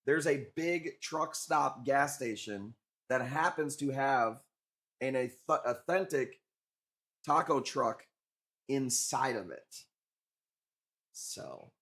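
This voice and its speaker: Slow and full of pauses, a fairly bright medium-pitched voice leads a casual coral auction stream. The man behind it, from Illinois, trades crude jokes with viewers as he sells.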